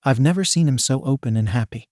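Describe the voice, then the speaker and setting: A loud, teasing male hero teacher, as a man reads him in a fan fiction story. The pitch sits in the middle of the range, and the recording is dry and close. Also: lively intonation, fast talker, no echo, lightly acted.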